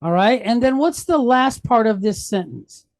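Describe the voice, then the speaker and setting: A woman's voice: a little high, animated, moderate pace, darkish tone, no room sound. A woman teaching a Hebrew lesson, going patiently step by step and asking questions that she then answers herself. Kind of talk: classroom lesson.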